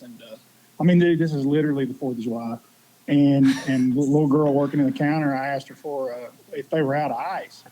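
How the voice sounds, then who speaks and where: A man's voice: medium pitch, mellow, low-quality recording. A middle-aged man with a Tennessee Southern accent, a podcast guest telling stories in an easygoing, rambling way. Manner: easygoing, rambling storyteller with fillers. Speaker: professional angler, guest. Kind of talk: casual podcast chat.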